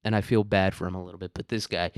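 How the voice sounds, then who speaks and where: Profane rambling man with a deep voice. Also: level tone, very fast, no echo, clean studio sound. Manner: profane, rambling, laughs often. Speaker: podcast host. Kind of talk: casual ranting monologue. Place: home.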